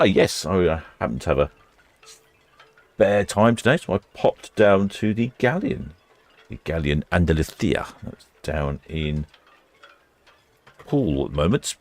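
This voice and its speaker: A British man hosting a live ship-watching stream, chatting casually and reading out viewer comments. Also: low voice. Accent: British English. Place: indoors in a warm room by the quay.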